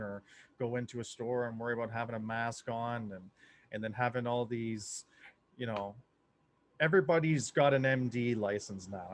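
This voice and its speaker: Canadian guy cohosting a podcast, mid pitch voice, lots of ums, sounds fed up. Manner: frustrated, hesitant with many fillers. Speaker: podcast co-host. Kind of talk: casual chat.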